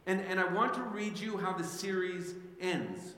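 A male pastor preaching a sermon, telling the story with animated restarts and acting out the figures. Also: high voice, a little slow. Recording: very echoey hall, faint background noise.

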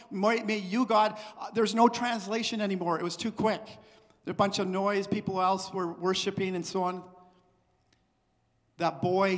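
Male missionary preacher, sermon testimony, high voice, church hall echo. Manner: swings from hushed to loud excited. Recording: long hall reverb.

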